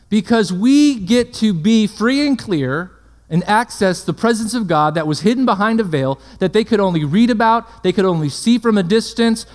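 A high-pitched male preacher delivers a sermon. He strings rhetorical questions together and keeps checking that his listeners follow. His voice rings out with long reverb, as in a large hall.

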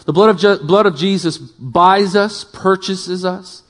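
A male pastor preaching a sermon, impassioned, with loud emphatic build-ups, quieter asides and jokes for the congregation. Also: high voice, a little slow.

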